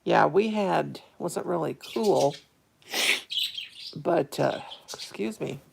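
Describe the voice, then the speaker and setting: A woman's voice: sits low, lively intonation, takes it slowly, vocal fry, background noise. A woman hosting a casual home vlog, chatting in a rambling, easily amused way while sitting by a window. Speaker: vlog host. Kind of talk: casual chat to viewers.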